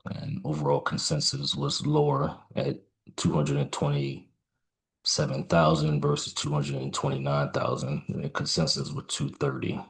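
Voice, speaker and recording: Very deep gravelly-voiced man. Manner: halting, musing aloud with fillers and restarts. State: yawning, tired. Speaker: trader. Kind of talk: live trading commentary.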